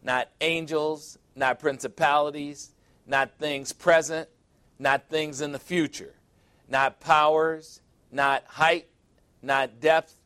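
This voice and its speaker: A man preaching a sermon, stressing key words and often dropping low and quiet at the end of a point. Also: fairly even intonation, slow pace, clean tone, no room sound. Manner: emphatic, repeating phrases for stress.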